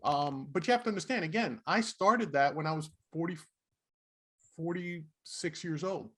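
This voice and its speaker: A middle-aged man co-hosting a podcast, telling stories in a casual, animated way and laughing often. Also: on the high side, moderate pace. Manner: animated, laughing, acts out quotes. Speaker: podcast co-host. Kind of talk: casual storytelling chat.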